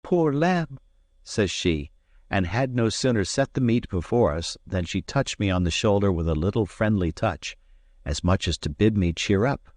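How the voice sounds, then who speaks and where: A man narrating an adventure novel as an audiobook, in a measured, expressive storytelling manner. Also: low voice, no room sound, clean studio sound. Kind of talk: scripted narration.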